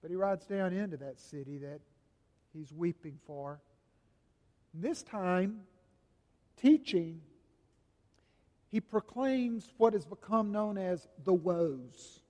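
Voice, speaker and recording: A man preaching a sermon as pastor, dramatic and swinging from booming to hushed. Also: slow, pauses often, big-room sound.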